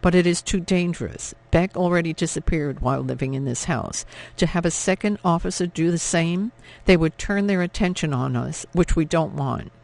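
A man voicing a quiet, weary wartime mother. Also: on the high side, normal speed, creaky. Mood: quiet, resigned. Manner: quiet, subdued, tender. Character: weary, ashamed wartime mother, woman, middle-aged.

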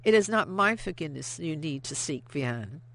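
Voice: mid-range voice, expressive, moderate pace, creaky, fairly bright tone. An audiobook narrator voicing Isabel, a fierce young French woman who fires blunt, accusing questions.

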